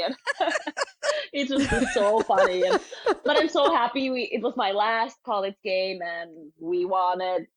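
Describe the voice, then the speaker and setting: A woman's voice: mid-range voice, poor audio. Finnish-accented woman podcast guest. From Finland. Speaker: guest, hockey coach. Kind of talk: conversational interview.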